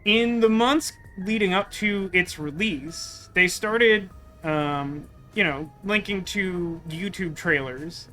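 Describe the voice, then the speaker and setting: A man's voice: sits high, takes it slowly, few pauses, sharp tone, soft background music. Wry, rambling male game streamer. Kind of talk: casual let's-play commentary.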